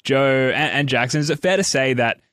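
A man's voice: mid-range voice, brisk, fairly bright tone, no room sound, studio quality. A man hosting a podcast in casual chat, steering the conversation and reading out news posts. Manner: leads the talk, reads out news posts. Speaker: podcast host.

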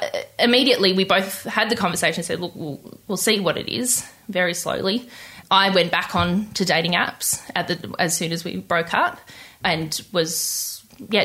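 A young woman telling her personal story in an interview, candid and halting, with many restarts. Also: on the low side, bright, forceful tone. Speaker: interview guest.

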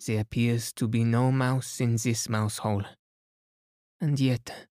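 A man's voice: medium pitch, little pitch movement, slow pace, darkish tone, dry recording, studio quality, close to an everyday voice. Poirot, a man doing a fussy Belgian detective. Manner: precise, sprinkled with French phrases. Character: fussy middle-aged Belgian male detective. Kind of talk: bedtime story reading.

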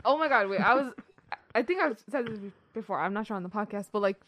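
A woman's voice: medium pitch, expressive, fast, fairly bright tone, no room sound. A young woman co-hosting a podcast, chatting casually, giggly and a bit self-conscious. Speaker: podcast co-host. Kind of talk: casual chat.

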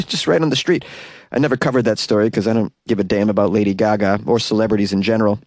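A man's voice: lowish voice, steady tone, fast talker, gravelly, a little mellow, no room sound. A man hosting a talk radio show, ranting in an exasperated, incredulous and jokey way, taking calls from a studio. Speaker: radio host. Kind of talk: solo talk radio rant.

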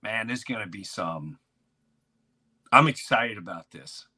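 Male host, bright and tense tone, lively storyteller who acts out quotes. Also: on the low side, measured pace, husky. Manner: animated, acts out shouted quotes. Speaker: podcast host. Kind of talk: storytelling in casual chat.

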